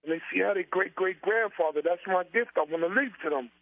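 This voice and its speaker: A man's voice: high-pitched, fast, vocal fry, dry recording, phone-quality sound. A man in his forties, an interview guest talking with emotion and building up his points in repeated, preacher-like runs. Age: 40s. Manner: impassioned, repetitive, preacher-like build-ups. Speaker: interview guest, comedian and author.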